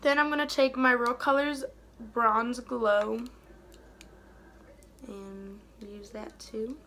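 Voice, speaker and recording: Casting note: young female beauty vlogger, unhurried chatty delivery, gravelly fry, light room hiss behind. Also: on the high side, steady tone. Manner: chatty, rambling, trails off softly mid-thought. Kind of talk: casual get-ready-with-me chat.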